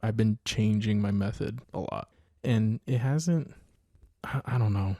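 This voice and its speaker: A father and podcast co-host thinks out loud in casual chat, hedging and laughing easily. His tone is mellow and relaxed. The sound is dry and close to the mic. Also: fairly low pitch, a little slow, no room sound.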